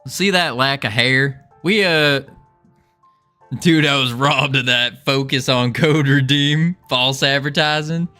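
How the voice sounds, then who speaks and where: A man's voice: medium pitch, slow, pushed and bright, clear, resonant tone, soft background music. A man putting on a jokey Southern US accent as a folksy cowboy streamer, drawling and chuckling at himself. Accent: put-on Southern US.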